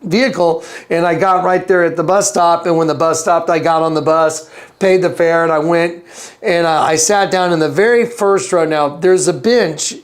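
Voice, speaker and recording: As an interview guest, a man with a fairly high voice and fairly even intonation tells a story at normal speed. It's casual and rambling, with many restarts and asides, and he mimics other people in a raised voice.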